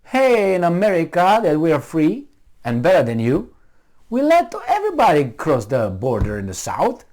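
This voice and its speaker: A man's voice: a little high, huge pitch swings, moderate pace, a little mellow. A man giving a heated, sarcastic running commentary, mocking and arguing with the people he talks about. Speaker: political commentator. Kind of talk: ranting video commentary.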